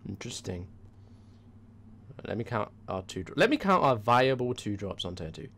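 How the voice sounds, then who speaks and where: A man with a fairly low voice talks through card picks in a relaxed gaming chat. He muses and reasons out loud, weighing each option in an easygoing, conversational way. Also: moderate pace, creaky. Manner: musing, reasons things out aloud. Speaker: co-host.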